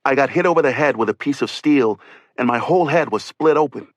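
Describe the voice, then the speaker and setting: A man giving a measured, grave first-person reading for an audiobook. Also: mid-range voice, no echo, clean studio sound. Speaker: audiobook reader.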